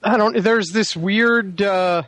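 A man's voice: high voice, slow, fairly bright tone, dry recording. A man in casual chat, agreeable and hesitant with fillers. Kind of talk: casual chat about TV shows.

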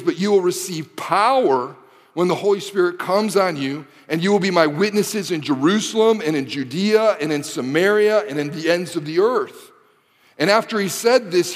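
This Detroit-area pastor in his forties, from Michigan, has a fairly high voice followed by a long reverb tail. His sermon climbs into passionate repetition, broken up by offhand remarks to the listeners.

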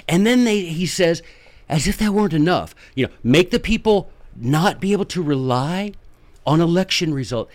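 A man giving impassioned, folksy political commentary as a podcast host, repeating his points for emphasis. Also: mid-range voice.

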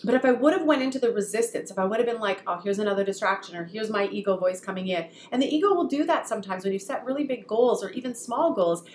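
A woman on a podcast talks quickly and with lively animation as she tells a story, slipping into the voices of the people she quotes. Her voice sits at an ordinary middle pitch. The room adds a noticeable echo, with faint ambient noise behind her. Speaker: podcast co-host. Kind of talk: casual chat.

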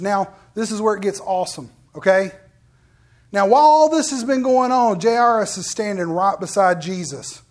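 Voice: mid-range voice, expressive, moderate pace, a little mellow. A preacher delivering a casual, candid sermon to a live congregation, acting out the people in the Bible story in quoted voices. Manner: conversational, acts out Bible scenes in quoted voices; candid, addresses the crowd directly.

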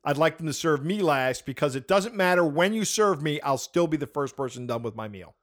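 High-voiced man telling stories on a podcast. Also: lively intonation, brisk. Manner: laughs often while telling stories. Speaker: podcast co-host. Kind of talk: casual chat.

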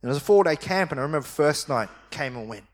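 A man with a voice on the high side preaches, giving a lively personal testimony in which he acts out who he was when younger. He softens into a slow, quiet voice at the tender points.

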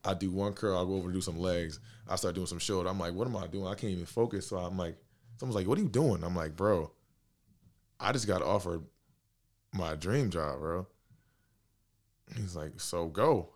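A young man in his twenties, telling a story in a casual chat, slangy and animated, acting out the dialogue. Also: low voice, moderate pace, pauses often. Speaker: podcast guest.

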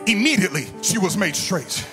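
High-voiced preacher man over organ music. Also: sing-song, a little fast. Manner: call-and-response preaching, rising into sung whoops. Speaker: pastor. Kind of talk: sermon. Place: church sanctuary with organ music behind. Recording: music playing under the voice.

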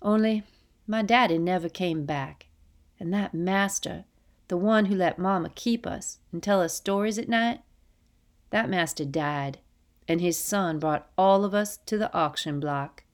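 A woman reading the quoted lines of a gentle young man, an escaped slave who speaks softly and wistfully, in an audiobook. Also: lowish voice, measured pace, close to an everyday voice. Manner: soft, wistful storytelling with rural dialect.

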